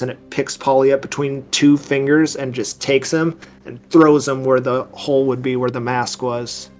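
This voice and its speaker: A man narrating a tabletop horror game as game master, describing scenes cinematically. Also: medium pitch.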